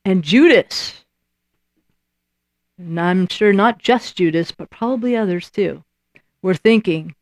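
Woman preacher, middle pitch, animated sermon delivery that acts out quoted voices, dry close recording. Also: slow pace, pauses often, dry recording.

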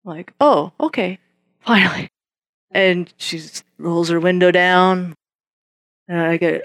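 A woman's voice: lowish voice, unhurried, long pauses, no echo, clean studio sound. A woman sharing her Christian testimony in a casual way. She tells the story vividly, acts out the conversations, and laughs often. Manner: lively storytelling, acts out both sides of conversations; laughs often while telling.

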